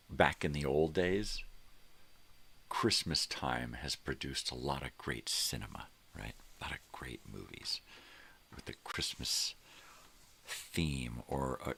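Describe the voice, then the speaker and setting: A man's voice: rumbling low, takes it slowly, gravelly, a bit bright, breathy edge. An older man hosting a morning show, talking in a casual, rambling monologue full of fillers that trail off.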